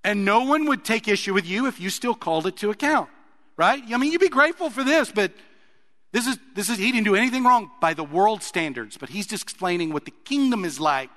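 A man preaching in a large church hall, his high voice ringing out with a long reverb. He sounds bright and forceful, talking in a conversational way and asking his listeners questions. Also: lively intonation, brisk. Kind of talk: sermon.

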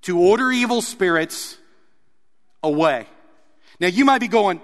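A man preaching a sermon, reading scripture aloud and explaining it with animated emphasis. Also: high voice, measured pace, big-room sound. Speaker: pastor.

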